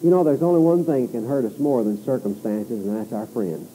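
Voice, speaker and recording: A man's voice: medium pitch, brisk, dark tone, a little hiss or hum, rough recording. A man preaching an expository sermon, reading scripture with rising emphasis and turning to the listeners with conversational asides and rhetorical questions.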